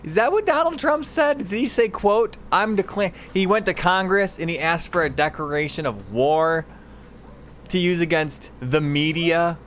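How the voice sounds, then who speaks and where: A man's voice: fairly high pitch, normal speed, fairly bright tone, a little hiss or hum. A man ranting incredulously and sarcastically while reacting to news clips, exasperated and mocking.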